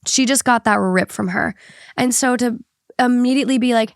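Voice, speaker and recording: A woman's voice: on the high side, moderate pace, no room sound, clean studio sound. A woman hosting a podcast, talking in a heated, indignant way with a stuffy nose. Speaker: podcast host. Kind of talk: casual podcast chat.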